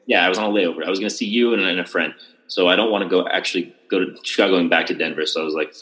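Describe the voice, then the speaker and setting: A man's voice: deep voice, very fast, a bit bright, low-quality recording. A young man hosting a podcast, telling a long story in casual chat with lots of restarts and fillers. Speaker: podcast host.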